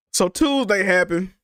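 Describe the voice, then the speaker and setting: A man's voice: high-pitched, lively intonation, slow pace, sharp tone, no room sound, studio quality. A man streaming, telling a personal story in a rambling, casual way, restarting and repeating himself and swearing freely.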